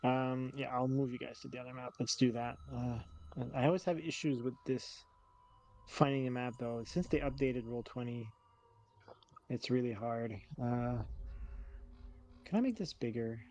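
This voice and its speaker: A man's voice: mid-range voice, normal speed, pauses often, darkish tone. A man acting as game master of an online tabletop game, laughing often and using lots of fillers.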